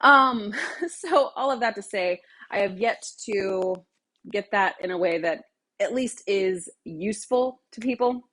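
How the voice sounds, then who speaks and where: A woman's voice: mid-range voice, unhurried. A young woman vlogging casually from her big home kitchen, talking in a loose, rambling way with lots of fillers and restarts, a little out of breath. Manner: rambling, talkative, self-interrupting with fillers. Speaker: cooking vlogger. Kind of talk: casual chatty kitchen vlog.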